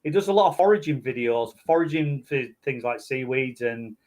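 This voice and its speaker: A man's voice: medium pitch, animated, moderate pace, a little mellow. A man, a guest on a podcast, chatting in an easygoing, chatty way. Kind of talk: casual podcast chat.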